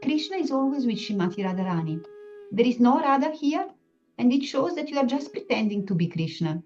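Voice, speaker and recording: A woman voicing a river goddess, mellow and dull. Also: mid-range voice, very animated, fast, natural voice. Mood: challenging. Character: river goddess, gentle then commanding, female. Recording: dull lo-fi sound, soft music behind.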